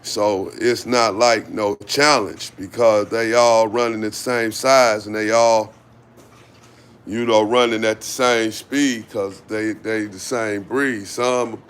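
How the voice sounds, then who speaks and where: Slow-talking man with a drawl. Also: lowish voice, clean tone. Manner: slow, relaxed, calls commands to dogs. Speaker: dog owner vlogger. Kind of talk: casual talk while training dogs. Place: outdoor yard with dogs.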